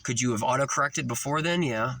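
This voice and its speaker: A man's voice: mid-range voice, a little fast, creaky, sharp tone, slight background noise, rough recording. A man telling a rambling spiritual story to camera, cussing now and then and acting out the people in it. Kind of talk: rambling first-person storytelling.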